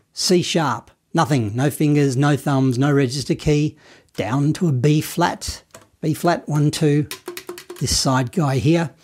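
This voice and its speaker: Man, saxophone teacher, relaxed, encouraging, scats phrases, online lesson. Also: on the high side, a little hiss or hum.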